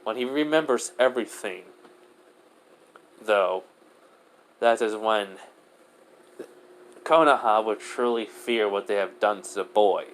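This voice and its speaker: A man voicing a calm, all-knowing deity in a fan story, brisk and dismissive. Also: lowish voice, slight background noise.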